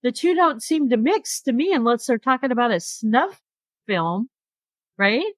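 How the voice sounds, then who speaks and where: A woman's voice: on the high side, measured pace, dry recording. A woman true crime podcaster speaking candidly in a roundtable discussion, asking herself questions as she goes. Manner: candid, animated, self-questioning.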